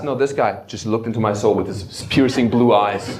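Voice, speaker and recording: A man's voice: medium pitch, expressive, a little fast. A man doing brash, swearing stand-up crowd work on a club stage, speaking into a handheld mic. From Germany. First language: German. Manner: brash, swearing, mock-shouting in German. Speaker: stand-up comedian. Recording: loud crowd laughter around the voice.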